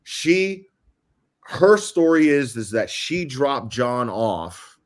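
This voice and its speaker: A man's voice: mid-range voice, very animated, very slow. A male host on a casual livestream, explaining a timeline step by step with frequent ums and uhs.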